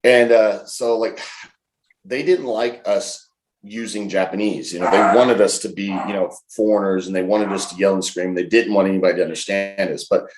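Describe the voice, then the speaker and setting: A man in his forties, an interview guest, telling lively anecdotes in a casual way and acting out the quotes. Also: deep voice, moderate pace. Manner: lively anecdotal storyteller, laughs and acts out quotes. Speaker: professional wrestler, interview guest. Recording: roomy echo.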